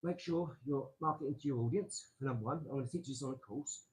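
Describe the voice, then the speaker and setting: A man hosting a casual live stream from his garage, rambling excitably and talking straight to his viewers. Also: medium pitch, quick pace, low-quality recording. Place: home garage.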